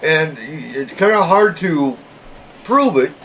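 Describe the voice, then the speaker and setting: Lively joking man hosting a podcast. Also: slow, slight background noise, low-quality recording. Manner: joking, swears, lively pitch swings. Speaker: podcast host. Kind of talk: casual podcast chat.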